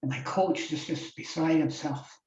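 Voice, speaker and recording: Speaking at a moderate pace in a darkish voice on the high side, this older man from Iowa, USA, a former wrestling champion and motivational speaker, tells a sincere story on a podcast, restarting often. The recording feels roomy, distant, and slightly dull.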